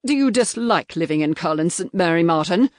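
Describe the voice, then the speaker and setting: A woman voicing a stern male major and magistrate who talks in clipped, threatening, quietly forceful lines. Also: low-pitched, unhurried, gravelly, dry recording, studio quality, exaggerated voice.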